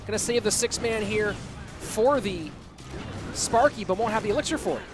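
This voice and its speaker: A man casting a live esports match on his own, answering chat between excited play calls. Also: high-pitched, moderate pace. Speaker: esports caster. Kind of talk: solo live esports commentary with chat reading. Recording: loud music behind voice.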